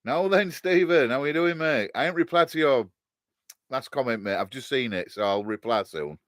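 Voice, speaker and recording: A man's voice: medium pitch, normal speed, fairly bright tone, no room sound, clean studio sound. A man, a bit tipsy, chatting casually on a live stream from his shed and greeting viewers by name. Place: garden shed.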